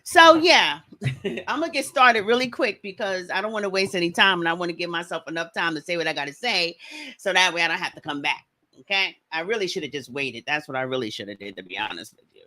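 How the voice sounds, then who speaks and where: A woman hosting a casual livestream, talking fast and greeting viewers by name. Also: lowish voice, expressive, bright, forceful tone. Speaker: livestream host.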